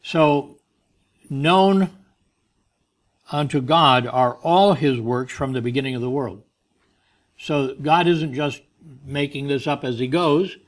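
Slow, deliberate male Bible teacher. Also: a little high. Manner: deliberate, explains Greek words, stresses key phrases. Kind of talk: verse-by-verse Bible study teaching.

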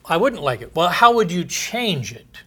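A man preaching a sermon in an earnest teaching manner, posing rhetorical questions and pausing for emphasis. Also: high voice, sing-song, a bit bright, husky.

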